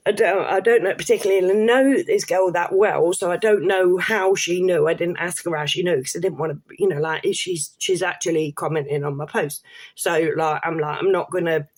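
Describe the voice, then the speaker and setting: A woman's voice: fairly low pitch, fairly even intonation, normal speed. A woman rants to her camera in a loose, rambling way. She swears freely and breaks off with laughing asides as she talks to her subscribers. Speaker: vlogger. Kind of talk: casual rant to camera.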